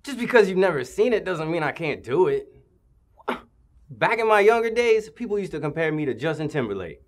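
A man's voice: a little high, fairly quick. An actor playing a cheerful young man who brags and jokes among friends. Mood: boastful. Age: young adult. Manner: bragging, animated.

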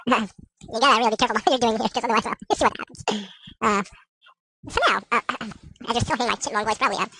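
A man's voice: very high voice, racing, background noise. A man giving casual gameplay commentary with his recording sped up into a chipmunk voice, rambling and giggling a lot. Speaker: let's play commentator.

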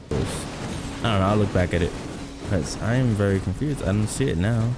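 A man giving casual, excitable gameplay commentary, swearing, joking and reacting loudly. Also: fairly low pitch, unhurried, long pauses. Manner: excitable, swears, jokes and laughs. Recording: voice over game music.

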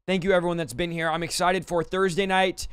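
Fast, bright-voiced male livestream host. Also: sits high, little pitch movement, clear, resonant tone, no room sound. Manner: rapid, upbeat, stumbles over names. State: out of breath. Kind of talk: reading donor thanks on a livestream.

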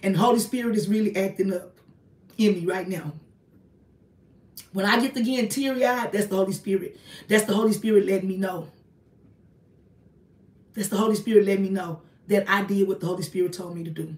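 A woman's voice: medium pitch, brisk, long pauses, darkish tone, recorded from a distance. A woman, talking to her viewers in a casual livestream from her apartment, emphatic and repetitive as she preaches. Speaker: online ministry host. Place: small home apartment, indoors. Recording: echoey room, voice off-mic.

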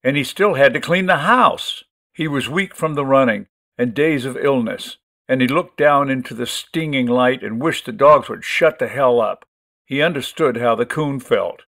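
A man narrating a short story in a measured, expressive storytelling manner. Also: mid-range voice. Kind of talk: audiobook story reading.

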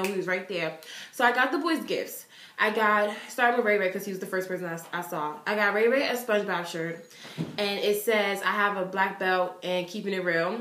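A young woman vlogging, telling a story in an excited, chatty way, with lots of "like" fillers. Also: mid-range voice, roomy sound. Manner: animated, chatty, full of "like" fillers.

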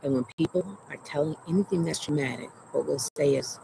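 Out in her garden, an earnest, emotional therapist and show host blends teaching with her own trauma story, her low-pitched voice edged with gravel. Anxious, heart racing and out of breath, she slows to breathe and keeps checking in with "right?". Loud crickets and insects make the outdoor background noisy.

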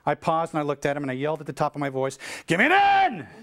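A middle-aged American man giving a keynote speech, telling a story and acting out the dialogue with lively energy. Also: fairly high pitch, rapid-fire. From United States. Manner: animated storyteller acting out dialogue, shouting cheers. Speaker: keynote speaker.

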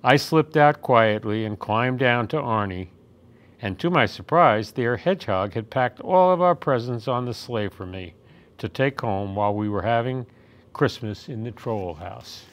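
A man reading a children's picture book aloud at storytime, with gentle, expressive storytelling. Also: medium pitch, unhurried. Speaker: storytime reader.

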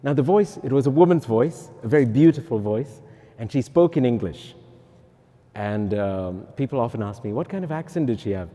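A middle-aged man, a priest, giving a personal testimony in lively storytelling style with self-mocking humorous asides. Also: mid-range voice, moderate pace. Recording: echoey hall.

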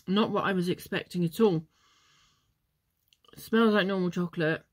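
In a dry recording, a vlogger with a fairly low-pitched voice talks at a moderate pace. Chatty and meandering, she reviews chocolates as she tastes them, slipping into memories and filling gaps with ums.

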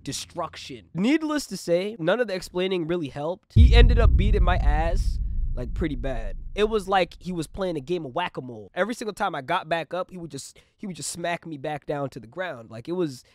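A young man telling a comedic story in casual slang, animated and swinging between loud bursts and hushed asides. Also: high voice, a little fast.

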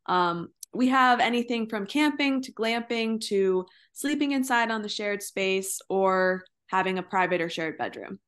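Bubbly, rambling woman guest on a podcast, a yoga teacher, mid-range pitch. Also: unhurried, few pauses, a bit bright. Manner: bubbly, chatty, rambling with fillers. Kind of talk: casual interview chat.

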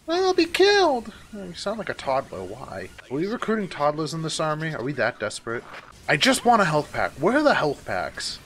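A man's voice: a little high, big pitch swings, a little fast, background noise. A man giving casual let's-play commentary, exasperated and swearing often as he talks back at the game. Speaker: gaming YouTuber.

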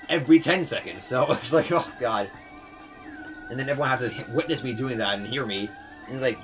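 A young man giving casual gameplay commentary, fast-talking, swearing, often stumbling over words. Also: medium pitch, a bit bright, soft background music. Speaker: let's player.

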